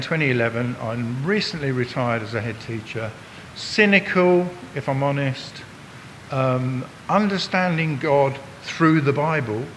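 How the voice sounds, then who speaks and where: An Englishman in his sixties, a visiting preacher giving a chatty, joking church talk that draws in his listeners. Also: a bit bright. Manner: chatty and jokey, talks to the congregation. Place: church hall. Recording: long hall reverb, faint rumble.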